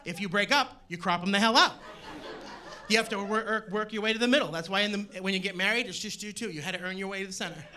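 A man doing a stand-up comedy set on stage, animated and shouting his punchlines. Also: high voice, fast. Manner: animated, loud punchlines to a laughing crowd. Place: comedy stage before a live audience. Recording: live show with loud crowd laughter.

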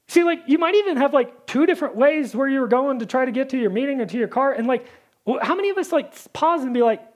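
Woman preacher, high-pitched, casual and chatty, lots of fillers. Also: expressive, fast talker, a little mellow. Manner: chatty, full of "like", acts out Bible characters. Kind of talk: casual sermon.

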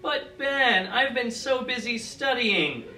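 A man voicing a whiny young male college student who pleads in a high, put-upon voice. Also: animated, takes it slowly, pushed and bright, heavily acted. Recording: roomy echo, distant mic, music.

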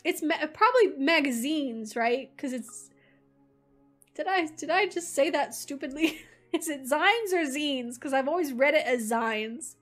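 A woman's voice: high-pitched, normal speed, soft background music. A woman streaming a game, chatting in a bubbly, giggly way and reading the game text aloud. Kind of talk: casual let's-play chat with chat.

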